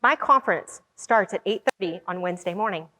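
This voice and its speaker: Speaking a little fast in a mid-range voice, a woman who organizes conferences shares an animated story from her work, acting out what other people said. The talk takes place in a large hall.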